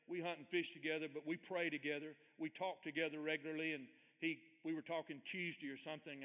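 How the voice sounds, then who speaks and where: Older man preaching in a reverberant hall. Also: on the high side. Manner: earnest, swings from loud emphatic reading to hushed quiet lines. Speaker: pastor. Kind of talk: sermon.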